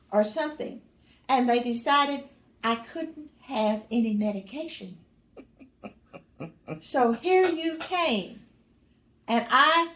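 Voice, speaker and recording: Older woman telling family stories, roomy. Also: a little high. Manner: rambling, self-correcting, dry humor with chuckles. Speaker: mother recalling family stories. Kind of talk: casual personal storytelling.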